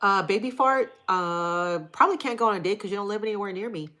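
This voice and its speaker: A woman's voice: medium pitch, quick pace, sharp tone. A middle-aged woman hosting a casual livestream, chatting frankly and with profanity while reading viewer comments aloud. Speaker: livestream host.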